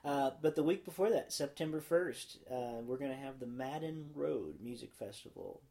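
A man's voice: medium pitch, lively intonation, moderate pace, vocal fry, mellow. A man hosting a podcast, talking earnestly and reflectively about a worship song, often trailing off mid-thought. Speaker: podcast host. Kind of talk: casual chat with worship singing. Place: podcast studio.

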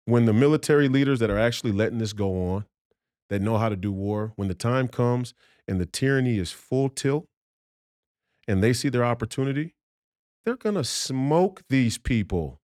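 A man's voice: mid-range voice, expressive, moderate pace, a little mellow, dry recording, studio quality. A man talking as a podcast guest in a heated, profane rant, emphatic and combative, often restarting his sentences.

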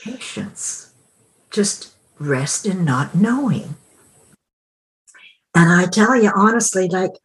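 A woman who works as a mentor and coach, talking reflectively in an interview and acting out the voices in her stories. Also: lowish voice. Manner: reflective, acts out quoted dialogue. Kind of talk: conversational interview storytelling.

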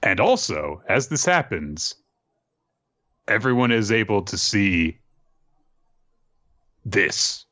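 A man's voice: on the low side, sing-song, slow pace, pauses often, bright, forceful tone. A young man hosting a casual podcast, recapping a story loosely with swearing and fillers. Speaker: podcast host. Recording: slightly dull, dry sound.

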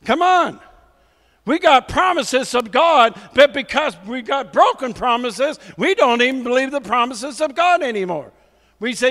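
A man preaching a sermon in a notably high voice, speaking slowly and deliberately. He exhorts his listeners and repeats calls for a response between scripture readings. His voice rings with the long reverb of a big hall. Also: lively intonation, fairly bright tone. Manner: exhorting, repeats "come on" to rouse the congregation; reads scripture aloud with emphasis.

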